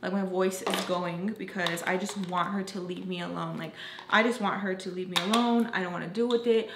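A woman's voice: lowish voice, fairly even intonation, fairly quick. A young woman chatting casually as she tells a personal story, emphatic and acting out quoted lines. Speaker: storytelling vlogger. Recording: roomy with faint ambient noise.

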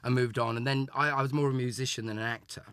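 A man's voice: mid-range voice, fairly even intonation, fast talker, a bit bright, clean tone, dry recording, studio quality. An older man from England, a guest in a casual interview, reminiscing in a chatty way with many restarts. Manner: chatty, repeats and restarts words. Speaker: interview guest, former child show actor.

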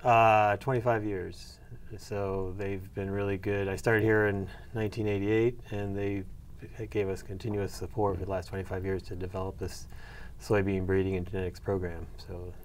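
A man's voice: deep voice, little pitch movement, normal speed, slight background noise. A middle-aged man answering interview questions about his research, hesitant with many fillers and restarts. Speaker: soybean breeder and agronomy professor.

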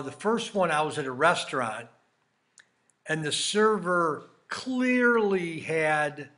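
A man with a slightly high, bright voice tells rambling stories in a casual vlog. He chats along, quoting back and forth what people said to him. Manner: chatty, rambling anecdotes with quoted dialogue. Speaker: crypto YouTuber.

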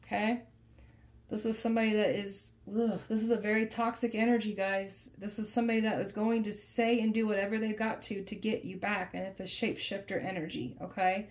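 This is a woman in the middle of a casual tarot reading, talking straight to her viewers. Her voice sits at an ordinary pitch for a woman. She speaks emphatically and conversationally and keeps circling back to repeat her phrases. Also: flat delivery, brisk. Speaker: tarot reader.

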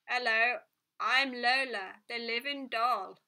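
A tinny, metallic doll voice, put on by a woman reading aloud, pushing out its stock lines with no warmth. It sounds flat and mechanical, and its tone is bright and forceful. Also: on the high side, slow, exaggerated voice. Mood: flat, insistent. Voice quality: metallic, phone-like. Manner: stiff, repetitive stock phrases. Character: metallic talking female doll, repetitive and empty.

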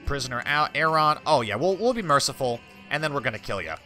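A man's voice: medium pitch, big pitch swings, fast, pushed and bright, soft background music. A man hosting a let's play, reading game text aloud in a mock-regal tone between wry, offhand asides. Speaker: gaming channel host.

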